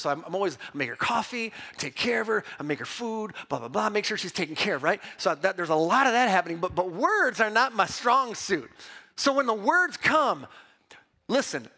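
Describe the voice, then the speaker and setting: A man preaching a sermon as pastor, emphatic and lively, mixing Bible reading with personal stories told with restarts. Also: high-pitched, vocal fry. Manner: repeats words and restarts when telling stories.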